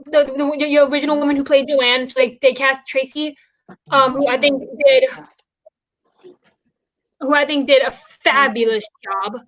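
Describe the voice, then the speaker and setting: A high-voiced woman with a fairly bright tone hosts a podcast, chatting casually about musicals in a rambling way full of fillers and restarts.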